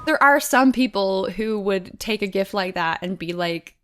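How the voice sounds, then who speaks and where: A woman's voice: medium pitch, animated, a little slow, fairly bright tone, faint music behind. A woman talking casually and enthusiastically in a reaction vlog, gushing over a TV series with plenty of "like"s. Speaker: TV show reviewer.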